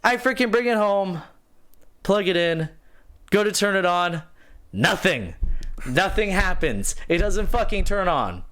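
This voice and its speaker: Animated, profane podcast co-host man. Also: high-pitched, unhurried. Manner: animated, profane, swings into loud exasperated outbursts. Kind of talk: casual storytelling chat.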